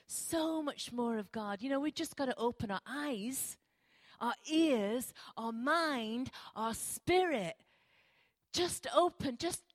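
An older woman preaching a sermon in church, animated and emphatic, repeating short phrases. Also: on the high side, no room sound. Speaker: guest preacher.

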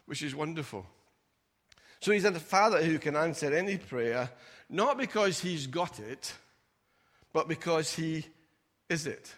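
A man's voice: mid-range voice, expressive, measured pace, pauses often, a bit bright. A man preaching a sermon in a church, conversational, acting out doubters in mocking asides. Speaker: pastor. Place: church auditorium. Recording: long hall reverb.

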